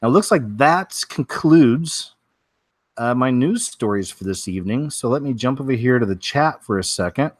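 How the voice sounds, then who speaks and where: A man's voice: medium pitch, lively intonation, normal speed, no room sound, clean studio sound. A man hosting a casual weekly news show, wry and offhand, with many fillers.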